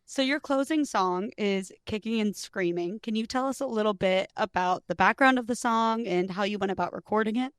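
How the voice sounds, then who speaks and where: A woman's voice: medium pitch, moderate pace, hardly any pauses, dry recording, studio quality. A woman hosting a podcast, asking questions in a playful, casual way. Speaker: podcast host.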